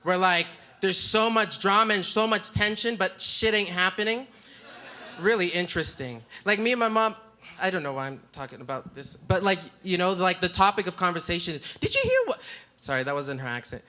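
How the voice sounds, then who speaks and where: A man's voice: high-pitched, a little fast, sharp tone. A man from Calgary, performing spoken word poetry on stage with a rhythmic, dramatic delivery. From Calgary, Canada. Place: festival stage before a live audience.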